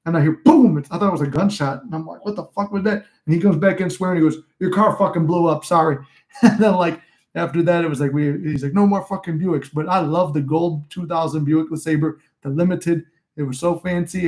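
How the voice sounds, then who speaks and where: Reading viewers' comments aloud on a laid-back livestream, a man in his twenties spins rambling, profane stories. His voice is fairly high and dark in tone, his intonation fairly even, and his pace fairly quick.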